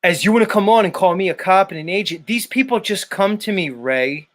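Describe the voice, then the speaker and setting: A man's voice: high-pitched, expressive, a little fast, a bit bright. Agitated, profane livestream host, man. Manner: agitated, profane, repeating names. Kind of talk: heated livestream rant to chat. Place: dark room.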